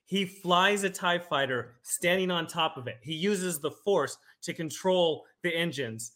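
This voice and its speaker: A man with a fairly high voice, chatting casually on a podcast. He tells stories in an animated, playful way and builds up his points with enthusiasm. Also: measured pace. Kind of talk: casual chat.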